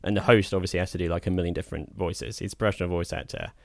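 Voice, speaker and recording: A man's voice: deep voice, fairly even intonation, very fast, gravelly, a little mellow, no echo, studio quality. A man co-hosting a casual film chat, thoughtful and hesitant. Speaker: podcast co-host.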